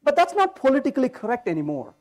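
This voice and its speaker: A man's voice: very high voice, quick pace. A man giving a conference talk, telling jokes and throwing rhetorical questions at the audience. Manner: animated, joking storyteller. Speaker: conference speaker. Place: conference hall stage.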